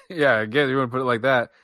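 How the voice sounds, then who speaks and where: A man co-hosting a wrestling podcast, chatting casually with a bright, forceful edge. He gets animated, laughs often, and trails off mid-thought. The sound is dry and close-miked. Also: medium pitch, fast, no echo. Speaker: podcast co-host. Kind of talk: casual wrestling review chat.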